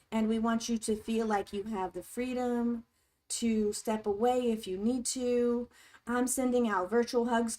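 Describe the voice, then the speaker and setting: A woman's voice: on the high side, darkish tone. A woman hosting a casual livestream chat, reading viewers' comments aloud and speaking to them in a supportive, encouraging way. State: tearing up. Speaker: livestream host.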